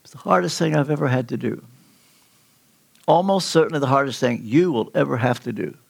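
An older man preaching a sermon in a church, telling a personal story with earnest, slow, emphatic pauses. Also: mid-range voice, gravelly. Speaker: pastor. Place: church sanctuary.

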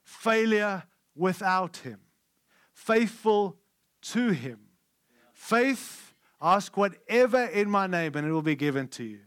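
A man preaching a conference sermon, emphatic and candid, shifting between loud declarations and hushed lines. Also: high voice, expressive, takes it slowly, smooth, no room sound, studio quality. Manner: candid and conversational.

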